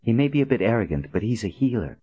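A man voicing a composed, stern woman leader who speaks in a low, calm, clipped way, on a dull, lo-fi recording. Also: quick pace, breathy edge.

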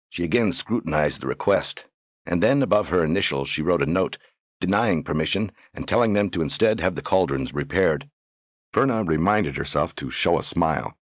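A man narrating an audiobook in a measured, dramatic way. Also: deep voice, no room sound.

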